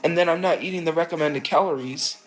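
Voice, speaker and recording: A woman's voice: sits low, fast talker, soft background music, poor audio. A woman streamer talking in a rambling, emotional, confessional way. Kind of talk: casual rambling stream talk.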